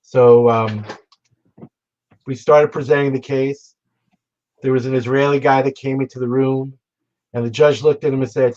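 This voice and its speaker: Halting man telling a memorial story. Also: medium pitch, fairly even intonation, darkish tone, dull audio. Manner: halting, reflective, frequent restarts. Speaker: memorial speaker. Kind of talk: storytelling remembrance. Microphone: remote broadcast.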